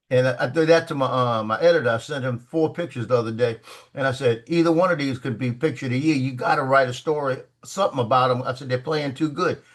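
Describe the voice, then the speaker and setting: Animated Louisiana storyteller man. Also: medium pitch. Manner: animated, acts out quoted lines. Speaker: sports photographer telling a story on a call. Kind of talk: casual storytelling. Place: home, video call. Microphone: video call.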